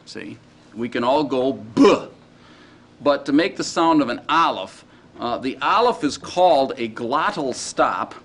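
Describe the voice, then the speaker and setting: Halting male teacher lecturing a class. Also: mid-range voice, a bit bright. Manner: informal, halting, checks in with the class often.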